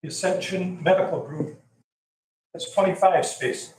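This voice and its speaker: Measured man in an echoey chamber. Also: high-pitched, a little mellow. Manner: measured, lists figures one by one. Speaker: resident giving public comment. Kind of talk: public comment at a council meeting. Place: council chamber. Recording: echoey chamber, voice from far off, faint hum.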